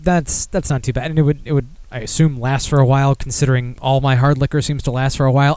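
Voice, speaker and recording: A man's voice: medium pitch, steady tone, fast, few pauses, darkish tone, clean tone, no room sound. Rambling, swearing podcast host man. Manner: rambling, crude, swears often, reads product copy aloud. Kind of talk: casual solo podcast talk.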